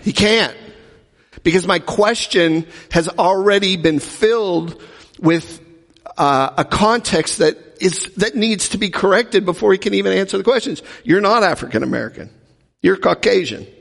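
A man with a fairly high, gravelly voice delivers a teaching sermon. He keeps it conversational and throws questions at his listeners. His voice rings with the long reverb of a big hall. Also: lively intonation, normal speed, a bit bright. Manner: conversational, asks the audience questions. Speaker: pastor teaching a Bible class.

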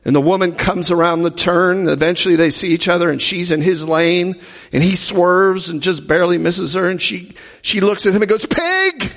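A man with a fairly high, gravelly voice delivers a teaching sermon. He keeps it conversational and throws questions at his listeners. His voice rings with the long reverb of a big hall. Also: fairly even intonation, normal speed, a bit bright. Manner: conversational, asks the audience questions. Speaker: pastor teaching a Bible class.

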